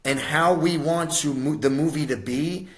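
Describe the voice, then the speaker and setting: A middle-aged man from the USA, a podcast guest telling a personal story in an animated, streetwise way, often calling the host "bro" and "my brother". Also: on the high side, moderate pace.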